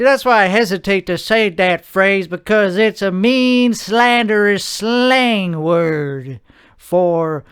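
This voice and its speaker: A man's voice: high voice, sharp tone, clear, resonant tone. A man hosting his own show, talking in a rambling, self-mocking, jokey monologue. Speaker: host.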